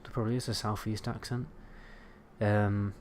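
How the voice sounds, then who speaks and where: A man's voice: lowish voice, level tone, moderate pace, a little mellow, soft background music. Sweary British man streaming. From United Kingdom. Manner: rambling and sweary, answering chat. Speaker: game streamer. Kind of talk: casual livestream chat.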